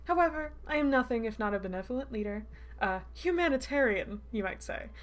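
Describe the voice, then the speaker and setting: A woman's voice: a little high, expressive, brisk, voice pushed up, lightly acted. A woman voicing a sadistic male captor with a teasing, purring manner while reading a visual novel aloud. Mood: mock-sweet. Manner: teasing, purring, lilting questions. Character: sadistic mock-sweet male captor, menacing.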